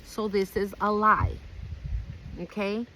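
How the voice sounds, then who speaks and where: A woman reads tarot cards aloud for her viewers in a loose, conversational way, swearing freely and hammering her points home with repeated "okay?". Her voice sits at a middle pitch, with faint background noise in the recording. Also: flat delivery, slow, sharp tone. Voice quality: blunt and profane, emphatic repetition, frequent "okay?". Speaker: tarot card reader. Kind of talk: casual spoken tarot reading to viewers.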